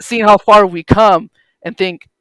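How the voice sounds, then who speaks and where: High, smooth-voiced young male host. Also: steady tone, unhurried, a bit bright, no echo, poor audio. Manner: rambling, filler-heavy, encouraging interviewer. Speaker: podcast host. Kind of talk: casual chat.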